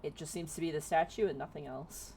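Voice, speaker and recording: A woman's voice: low voice, steady tone, a little fast, warm tone, slight background noise. A woman narrating as game master of a tabletop game, casual, swearing freely and often laughing.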